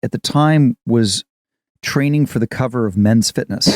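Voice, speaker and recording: A man in his fifties, an actor co-hosting a podcast, chatting casually as an animated storyteller. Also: medium pitch, measured pace, no echo. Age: 50s. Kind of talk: casual chat.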